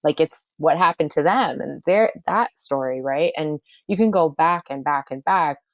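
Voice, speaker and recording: A woman's voice: sits low, normal speed, no room sound. A woman who is a manifestation coach and astrologer, talking emphatically in a casual podcast conversation and repeating phrases for effect.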